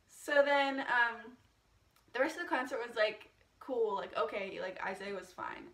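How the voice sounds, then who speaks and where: A young woman recounts a story in a casual, chatty storytime style. She laughs often and swears freely. Her voice sits a touch high and is picked up a little away from the mic. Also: measured pace, a bit bright, echoey room, distant mic. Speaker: vlogger.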